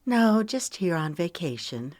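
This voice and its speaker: A woman's voice: lowish voice, normal speed, dry recording, clean studio sound, lightly acted. A woman voicing a sultry flirty model. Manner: breezy, purring.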